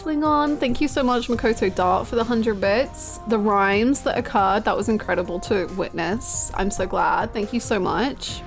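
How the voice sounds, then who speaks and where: A young Australian woman chatting casually with viewers on a live stream, bubbly and quick to laugh. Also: medium pitch, faint music behind.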